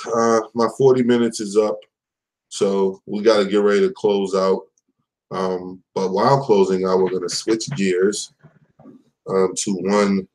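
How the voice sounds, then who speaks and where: A man's voice: low-pitched, a little mellow, rough recording. A man hosting a live commentary stream, talking in a casual, profane, mocking way and laughing at his own jokes.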